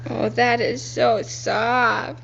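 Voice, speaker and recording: A young woman filming at home indoors, gently coaxing a toddler and laughing often. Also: fairly high pitch, little pitch movement, drawn-out words, gravelly, highs cut off, a little hiss or hum. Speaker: parent filming her child. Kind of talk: casual home video.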